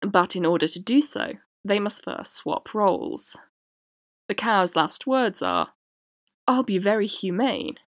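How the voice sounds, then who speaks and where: A woman hosting a podcast, reading a prepared essay in a measured way. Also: medium pitch, huge pitch swings, no echo, studio quality. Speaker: podcast host. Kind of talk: scripted essay narration.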